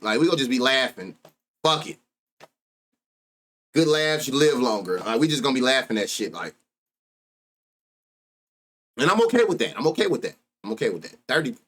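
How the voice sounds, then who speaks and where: A man's voice: medium pitch, fairly bright tone. A man in his thirties with an African American Vernacular English accent, hosting a sports betting live stream with loose, crude, laughing banter. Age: 30s.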